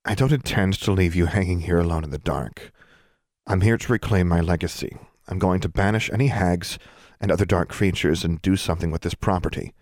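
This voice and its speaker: A man voicing a determined young woman who speaks firmly and in a measured way, close to his own low voice. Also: a little mellow, no room sound. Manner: firm, measured, near the reader's own voice.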